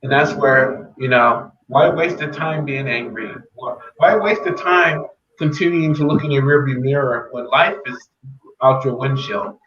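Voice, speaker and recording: A man's voice: mid-range voice, unhurried, fairly bright tone. A man who is a podcast guest, telling his life story in an earnest, faith-filled way and repeating key phrases. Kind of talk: personal testimony. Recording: echoey, dull, slightly noisy remote audio.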